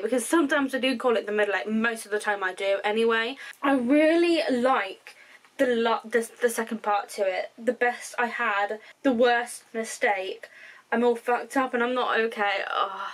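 A woman's voice: on the high side, low-quality recording. Chatty, tired young woman. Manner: chatty, rambling, self-correcting; emotional and candid. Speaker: music reaction vlogger. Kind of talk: casual reaction commentary.

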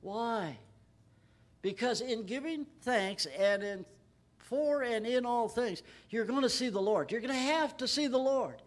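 Male pastor, high voice, emphatic Bible-study preacher who lifts his voice on scripture. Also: lively intonation, measured pace. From Texas. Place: church.

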